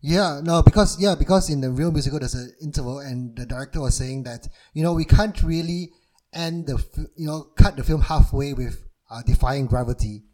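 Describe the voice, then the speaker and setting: A man's voice: fairly high pitch, brisk, mellow, rough recording. A man co-hosting a film podcast, chatting casually and laughing often. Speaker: podcast co-host.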